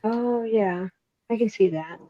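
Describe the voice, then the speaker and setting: A woman's voice: medium pitch, slow, muffled recording, background noise. A woman guest joining a casual chat, mostly with short replies and quips. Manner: brief back-channel replies and quips. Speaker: guest artist.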